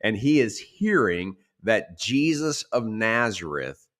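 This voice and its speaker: A male pastor preaching a sermon in an animated way, acting out the shouted lines he quotes. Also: on the low side, takes it slowly.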